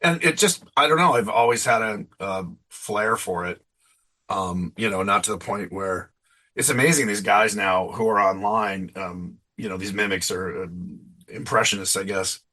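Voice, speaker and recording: A man's voice: on the low side, normal speed, sharp tone. A man in his fifties, an interview guest, chatting casually with a rambling, self-deprecating manner and frequent laughs.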